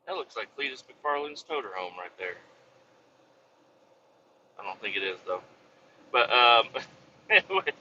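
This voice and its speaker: Foul-mouthed trucker with a sharp voice. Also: male voice, on the high side, animated, unhurried, pauses often. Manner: profane, heavy swearing, exasperated storytelling. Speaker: truck driver. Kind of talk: casual driving vlog rant. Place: inside a moving truck cab. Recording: dull lo-fi recording with road noise.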